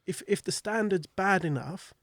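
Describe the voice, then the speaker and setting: Guy on a podcast, bit higher voice, stops and restarts a lot, dry mic. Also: a bit bright, no room sound. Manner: halting, repeats words. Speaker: podcast co-host. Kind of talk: casual chat.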